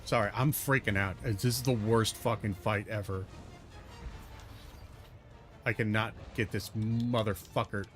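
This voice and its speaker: A man narrating his own gameplay, muttering and cursing in exasperation, with sudden loud outbursts. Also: lowish voice, fairly even intonation, unhurried, long pauses, faint music behind. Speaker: gaming video host. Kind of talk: let's-play commentary.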